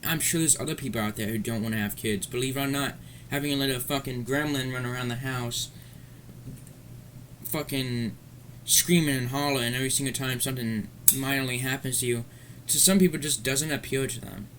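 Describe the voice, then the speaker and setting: A man in the middle of an angry, rambling rant, swearing freely as he goes. His pitch sits at an ordinary middle height, with a faint murmur of room ambience behind him. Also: brisk, fairly bright tone, slight background noise. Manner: profane, heated, rambling. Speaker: commentary vlogger. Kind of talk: ranting commentary.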